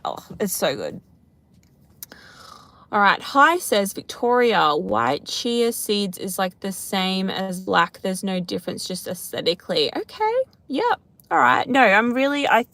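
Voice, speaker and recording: A woman's voice: medium pitch, a bit bright. A chatty woman in her thirties, answering viewer comments on a livestream. She rambles from one thought to the next, pokes fun at herself, and keeps an easygoing, conversational flow. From Australia. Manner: rambling, chatty, self-deprecating. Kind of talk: casual live Q&A chat.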